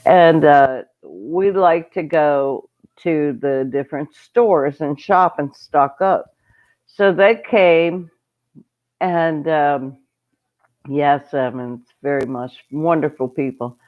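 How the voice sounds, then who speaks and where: A woman's voice: deep voice, slow, muffled recording. A woman hosting a homestead channel, telling a story in a casual livestream and breaking off to greet viewers. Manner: chatty, rambling, greets viewers mid-story.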